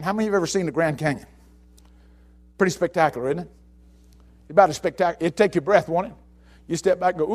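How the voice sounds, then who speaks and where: A man preaching a sermon, telling stories and repeating phrases, swinging between hushed tones and shouting. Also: high voice, quick pace, pauses often. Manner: storytelling, repeats phrases for emphasis.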